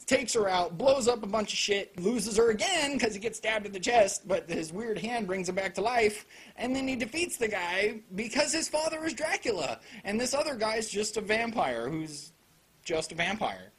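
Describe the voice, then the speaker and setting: Husky, animated man reviewing anime. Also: high voice, normal speed. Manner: sarcastic, profane, joking. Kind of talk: casual video review.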